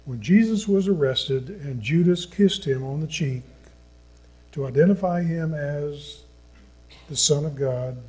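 Male pastor, sermon with scripture reading, warm dark tone, husky, earnest and hushed. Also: medium pitch, poor audio. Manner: earnest, slow, drops to a hushed tone at solemn points.

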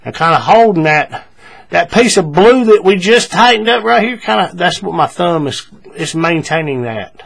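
A man giving a relaxed, step-by-step paracord crafting tutorial, talking through each move with frequent fillers and repeats. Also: high voice, moderate pace, gravelly, slightly rough.

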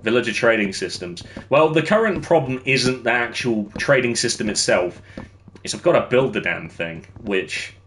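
A man's voice: mid-range voice, lively intonation, normal speed, fairly bright tone, a little hiss or hum. A young man streaming a game, chatting with viewers while he builds and laughing easily. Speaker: livestreamer. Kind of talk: casual gameplay commentary.

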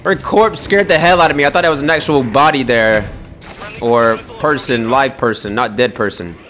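A man's voice: medium pitch, moderate pace, soft background music. A young man swearing and trash talking as he comments on his own gameplay. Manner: excitable, swearing trash talk. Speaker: gamer.

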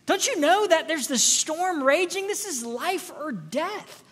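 A woman's voice: very high-pitched, animated, unhurried, fairly bright tone, in a large hall, voice pushed up, exaggerated voice. A woman preacher voicing a stern male ship captain who scolds a sleeper, urgent and raised. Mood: scolding.

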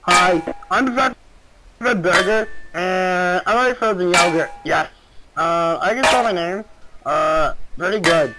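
A man voicing a dim, slow cartoon man who boasts simply and talks in a halting, dopey way. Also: high voice, loud music behind the voice, voice pushed down, low-quality recording. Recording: game voice chat with noise.

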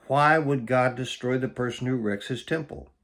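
A man's voice: medium pitch, moderate pace, a bit bright. A middle-aged man preaching as a pastor in a Bible study, emphatic and often checking in with "okay?". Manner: emphatic, repeats key phrases and checks in with "okay?".

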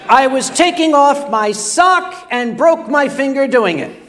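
A man's voice: very high-pitched, animated, a little slow, a bit bright, a little hiss or hum. An older man telling a self-deprecating comic story on stage, stammering and repeating words as he goes. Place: convention stage before a live audience.

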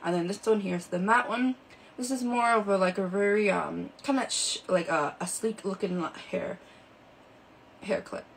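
A woman's voice: medium pitch, normal speed, creaky, slight background noise, low-quality recording. A woman hosting a live shopping stream, chatting casually and showing products with lots of fillers, indoors under a ring light.

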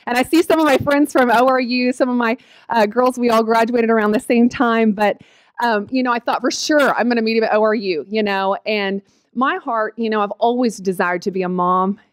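Slightly high, a little fast and smooth, her voice comes through on a dry recording. She's a guest speaker in her late thirties from the USA's Oklahoma panhandle, sharing a personal testimony in a chatty, emotional way, tearful at moments and heavy on fillers.

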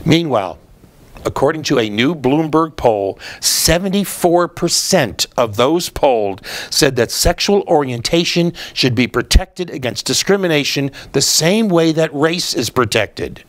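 A man's voice: on the high side, animated, unhurried. Male host, political commentary; sardonic, explains patiently, drops in "uh" fillers.

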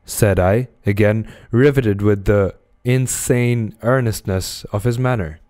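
A man reads a classic novel aloud, measured and expressive. His deep, smooth voice sits close to a dry microphone. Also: dry recording. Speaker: audiobook reader.

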